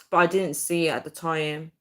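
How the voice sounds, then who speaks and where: Young woman livestream host, somewhat low voice, rambling and giggly casual chat. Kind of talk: casual live chat reading comments.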